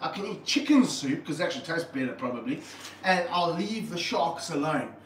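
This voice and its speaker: A man's voice: on the high side, expressive, moderate pace, echoey room, far from the mic, background noise. A man presenting wildlife on a livestream, talking earnestly and passionately about animals while handling snakes. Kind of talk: casual livestream talk.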